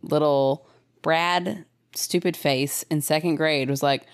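A woman's voice: sits low, smooth. A woman from the United States co-hosting a podcast, chatting playfully and laughing easily. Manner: playful, animated, quick to laugh. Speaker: podcast co-host. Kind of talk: casual chat.

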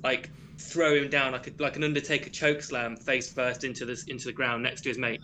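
A man's voice: medium pitch, flat delivery, brisk, bright, forceful tone, slight background noise. A man playing a tabletop game, hesitant and easygoing as he describes his moves. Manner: hesitant, easygoing, laughs often. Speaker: player. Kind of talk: casual tabletop game chat.

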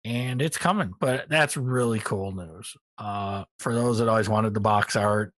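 A middle-aged man co-hosting a casual hobby podcast, relaxed and rambling with many ums, a little tired. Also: lowish voice, unhurried, no room sound. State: tired, yawning. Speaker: podcast co-host. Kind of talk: casual hobby news chat.

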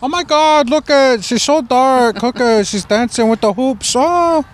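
A man voicing a gawking Russian onlooker in a mock impression, exclaiming in high, gasping bursts. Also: unhurried, slight background noise. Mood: astonished.

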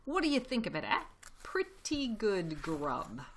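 A woman's voice: medium pitch, wildly swooping pitch, a little slow, slight background noise, pitched above the performer's own voice. A woman reading a storybook voices a clever, gleeful fox father who gives grand orders.

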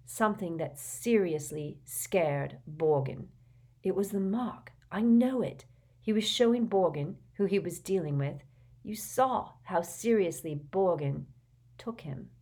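A stubborn, earnest teenage boy, as a woman reader puts him on, speaking slowly and insistently. He sounds frustrated, pressing his case in an audiobook. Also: on the low side.

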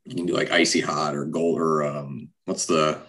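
A man's voice: very deep voice, level tone, normal speed, fairly bright tone. A man co-hosting a podcast in casual chat, making laid-back, dry remarks. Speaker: podcast co-host.

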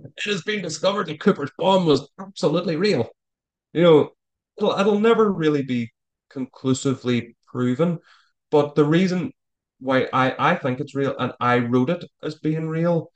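A man talking as a guest in a casual interview, rambling with frequent stammered restarts. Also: medium pitch. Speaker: author guest.

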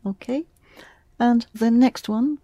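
A woman's voice: fairly high pitch, takes it slowly, mellow, dry recording. A woman teaching a language class, patiently prompting her students with questions. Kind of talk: classroom lesson.

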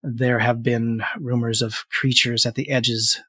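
A man voicing a stern, brisk woman guard captain in a tabletop game, talking in a clipped, businesslike way. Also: mid-range voice, flat delivery, pushed and bright, breathy edge, dry recording, clean studio sound, pitched below the performer's own voice.

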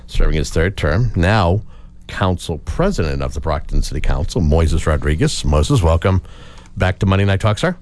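Male talk radio host, low voice, relaxed, interviewing. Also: moderate pace. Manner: relaxed, with uh fillers.

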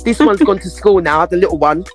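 A woman's voice: brisk, soft background music. A middle-aged woman co-hosting a casual podcast, telling funny family stories and acting out what people said. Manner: animated storyteller, acts out quotes with big pitch swings. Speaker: podcast co-host. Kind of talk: casual chat.

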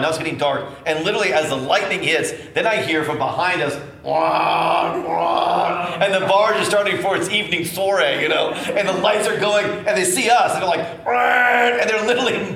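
A middle-aged man preaching as a bishop, telling a personal story in an animated way and acting out the voices. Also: a little high. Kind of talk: storytelling sermon. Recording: echoey room with faint noise.

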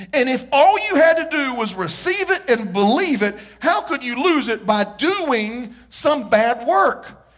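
A man preaching a sermon to his congregation, joking and telling stories as he goes. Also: very high-pitched. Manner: animated, joking storyteller with the congregation. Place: church.

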